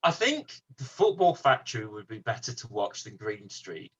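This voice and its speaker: Bright, husky man with lively pitch. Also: normal speed, muffled recording. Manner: animated, laughs easily, stumbles over words. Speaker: podcast co-host. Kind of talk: casual chat about football films.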